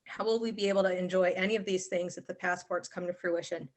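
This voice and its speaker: Woman calling in, reads her statement, earnest and steady. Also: fairly low pitch, fast. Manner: earnest, reading prepared remarks. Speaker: caller. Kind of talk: public comment at a meeting. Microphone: call-in line.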